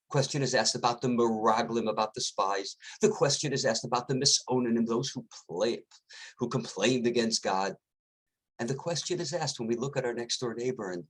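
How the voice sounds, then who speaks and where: A man, a rabbi, giving a short sermon as an expressive storyteller. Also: lowish voice, slightly rough.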